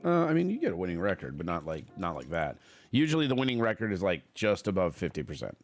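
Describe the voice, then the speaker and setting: A man's voice: deep voice, sing-song, fast. Man, podcast host, congested, swears a lot, joking, casual chat, faint music behind. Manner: loose, profane, joking.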